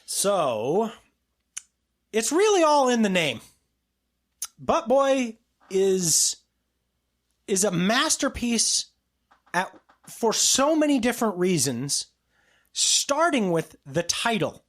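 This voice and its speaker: A male podcast co-host in casual conversation about a film. His pitch swings widely as he rambles, and he often breaks into quick impressions of other people. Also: big pitch swings, a bit bright. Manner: rambling, with frequent restarts and mimicked quotes. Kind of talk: casual chat.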